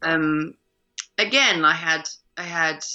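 An actress chatting in an interview, talking loosely with lots of fillers and restarts. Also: female voice, sits low, slow pace. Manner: chatty, many fillers and restarts, bright lively laugh. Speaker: actor, interview guest. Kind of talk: casual video-call interview. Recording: dull muffled home call audio.

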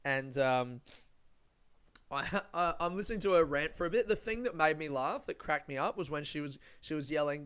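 Young man, slightly high and smooth, rambling storyteller who swears a lot. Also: lively intonation, normal speed, a bit bright. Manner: rambling, lots of swearing and fillers. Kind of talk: casual storytelling.

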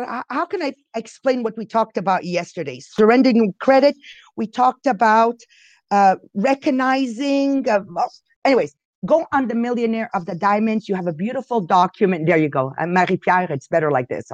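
A woman's voice: on the high side, no echo. A woman hosting a podcast, teaching in a casual way and often stopping to restart her sentences. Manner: halting, restarts often, unsure of pronunciation. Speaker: podcast host leading a reading group.

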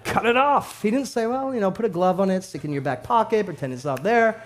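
A man in his thirties preaching a sermon as a pastor, animated and storytelling, swinging between hushed and loud with laughs. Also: high-pitched, quick pace.

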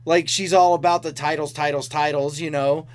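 A man's voice: on the high side, fairly even intonation, moderate pace. A man co-hosting a podcast in casual chat, enthusiastic and emphatic. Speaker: podcast co-host.

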